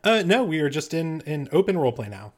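A man's voice: fairly high pitch, big pitch swings, brisk, husky. A man as game master, narrating a tabletop game in a loose, improvised way.

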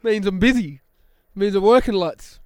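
A man's voice: high voice, normal speed, clean tone, no echo, clean studio sound. A young man co-hosting a casual comedy podcast, teasing his co-host and breaking into laughter. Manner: bantering, teasing, bursts of laughter.

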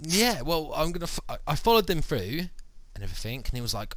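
A man's voice: mid-range voice, very animated, brisk, fairly bright tone, dry recording. Rambling man telling a story. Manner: rambling storyteller, many fillers, acts out quoted lines. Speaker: podcast host. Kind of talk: casual chat.

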